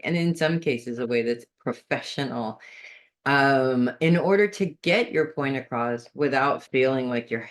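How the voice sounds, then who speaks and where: A chatty astrologer talks through a weekly horoscope in a loose, unscripted way. The speaker restarts phrases while thinking aloud and gives earnest advice in an everyday mid-range voice. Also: mid-range voice. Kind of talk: casual unscripted horoscope monologue.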